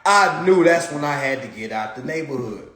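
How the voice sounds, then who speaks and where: A man hosting a live stream, ranting in a casual comedic way, profane and animated, and laughing often. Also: a little high, moderate pace, roomy sound.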